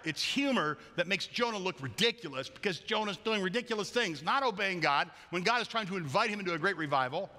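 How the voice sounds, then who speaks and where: This pastor's high-pitched voice carries a bright, forceful tone as he delivers a sermon in a church sanctuary. He keeps it conversational and wry, tossing in playful asides, and the recording has a long church hall reverb.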